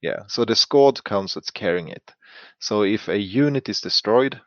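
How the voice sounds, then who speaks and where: Lowish man, hesitant, on a dull line. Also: lively intonation, a little slow, dry recording. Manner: hesitant, full of fillers and laughs. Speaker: podcast co-host or guest. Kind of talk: casual podcast chat.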